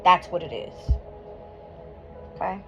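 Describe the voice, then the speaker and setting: A woman doing a tarot reading for her viewers from a room at home, worked up, hot and sweaty, cursing and laughing as she goes. The recording sounds dull and lo-fi, with music playing clearly behind her. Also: lowish voice, slow. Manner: emotional, swears and laughs often. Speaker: tarot reader.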